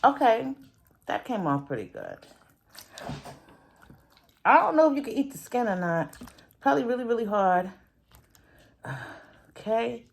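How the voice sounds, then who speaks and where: A woman's voice: on the high side, sing-song, unhurried, gravelly, long pauses. A woman food vlogger chatting casually to her viewers while she cooks in a home kitchen, breaking off into muttered asides as she works. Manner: chatty, talks straight to viewers. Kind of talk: casual cooking and eating vlog.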